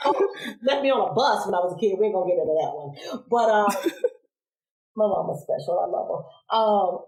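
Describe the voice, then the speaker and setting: A woman in her forties, a podcast guest, telling childhood stories in a casual interview, animated, laughing and acting out voices. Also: medium pitch. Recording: roomy echo.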